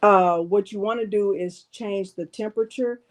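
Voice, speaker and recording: A woman's voice: mid-range voice, moderate pace. A woman hosting a casual crafting livestream, chatting to viewers as she walks through a machine's controls. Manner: chatty, addresses viewers as y'all. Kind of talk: casual live demo chat.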